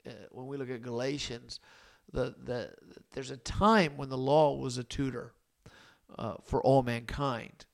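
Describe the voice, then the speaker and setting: A man with a gravelly, creaky voice leads a relaxed podcast talk about scripture. He is folksy and teasing, and he often doubles back and restarts his sentences. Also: mid-range voice. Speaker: podcast co-host. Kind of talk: casual Bible discussion.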